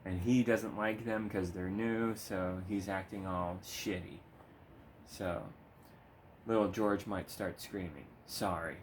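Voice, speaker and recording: A man's voice: low voice, fairly even intonation, takes it slowly, slight background noise. A man giving casual, laid-back gameplay commentary at home, swearing freely and cooing at his cat between remarks. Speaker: gaming video creator. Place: home room.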